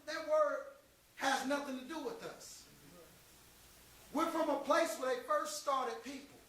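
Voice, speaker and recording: A man's voice: very high-pitched, slight background noise. An actor on a theater stage playing a veteran male stand-up comic who teases the crowd and then turns reflective. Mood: earnest. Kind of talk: live stage stand-up impression. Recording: very echoey hall heard from far off.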